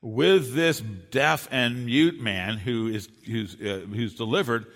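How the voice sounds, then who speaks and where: A man's voice: mid-range voice, faint music behind. Man preaching in a reverberant hall. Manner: earnest, slows and drops soft on key phrases. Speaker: pastor. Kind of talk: sermon.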